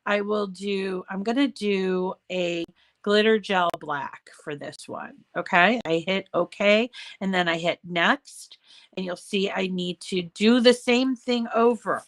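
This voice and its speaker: Slow-talking hoarse woman crafter. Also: medium pitch. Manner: chatty, step-by-step with fillers and throat clearing. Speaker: crafting channel host. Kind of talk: casual craft tutorial.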